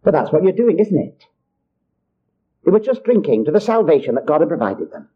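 High-voiced older preacher, lo-fi. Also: male voice, big pitch swings, a little fast, husky. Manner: earnest, repetitive, addresses listeners as child of God. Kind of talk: sermon. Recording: dull lo-fi recording.

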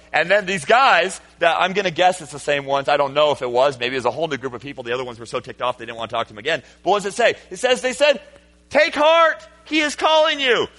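A man pastor preaching a sermon, swinging between hushed, quiet passages and loud, shouted peaks. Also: on the high side.

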